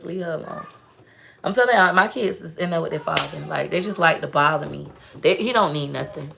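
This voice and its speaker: Chatty woman with a gravelly edge. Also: lowish voice, a bit bright. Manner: chatty, storytelling, talks straight to viewers. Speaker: livestream host. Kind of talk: casual live-stream chat.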